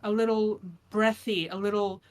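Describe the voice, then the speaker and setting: A woman's voice: medium pitch, little pitch movement, moderate pace. A woman running a tabletop game as game master, narrating scenes in detail and often restarting her phrases. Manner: descriptive, with frequent restarts.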